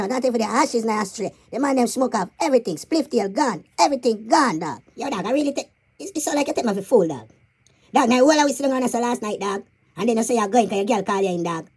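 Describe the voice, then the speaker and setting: A woman's voice: a little high, darkish tone. A woman with a Jamaican accent playing an indignant stoner friend who rants in patois. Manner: fast, raspy patois ranting.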